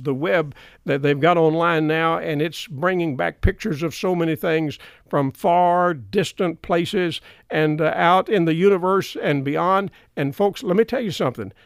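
Man, middle-aged preacher, sermon delivery, slightly high voice, dry close sound, earnest and emphatic. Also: creaky, no echo.

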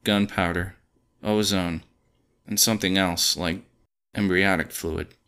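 A man reads audio fiction in a steady, measured way. His voice is very deep yet bright and forceful, with a crisp, resonant clarity. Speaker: narrator. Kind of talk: scripted narration of audio fiction.

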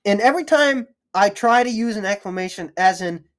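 A woman co-hosting a casual podcast, playful and animated, slipping into high quoted voices. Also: fairly quick. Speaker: podcast co-host.

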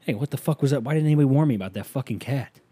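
A man voicing a shaken fat male raccoon, indignant, complaining, mellow tone. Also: medium pitch, rapid-fire, husky, no room sound, pitched above the performer's own voice, natural voice.

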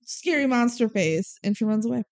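A woman's voice: fairly high pitch, lively intonation, brisk, darkish tone. A woman co-hosting a casual movie recap podcast, laughing often and mockingly acting out lines from the film. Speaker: podcast co-host.

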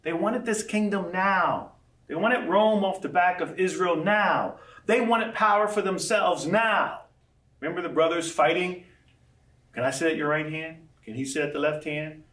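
A male pastor preaching a sermon with a fairly high voice, lively and acting out the quotes he reads. He stands back from the microphone, and his voice rings around an echoey room. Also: moderate pace, distant mic. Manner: animated, acts out scripture quotes. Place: large room with audience.

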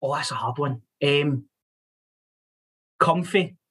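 A young Scottish man, a guest on a casual podcast, telling animated stories with swearing and laughter. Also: fairly high pitch, slow pace, breathy edge. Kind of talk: casual storytelling chat.

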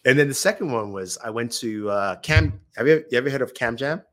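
A man's voice: medium pitch, expressive, a little fast, fairly bright tone. A man, a YouTuber guest, telling anecdotes in casual chat, acting out the voices of people he quotes and laughing often.

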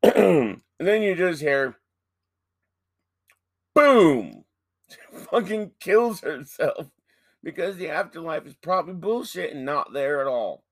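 Animated, profane man chatting on a podcast. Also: a little high, unhurried, dry recording. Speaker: podcast co-host. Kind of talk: casual chat.

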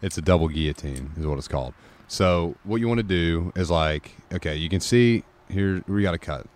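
A man with a very deep voice hosts a casual podcast, talking his guest through each step in a relaxed, explanatory way. He comes from Kansas. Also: a little fast. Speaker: podcast host. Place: outdoors.

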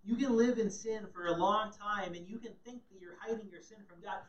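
Preaching pastor in an echoey church. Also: male voice, sits high, brisk, highs cut off. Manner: swings between loud emphatic scripture reading and quiet asides. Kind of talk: sermon. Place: church sanctuary. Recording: echoey room, mic at a distance.

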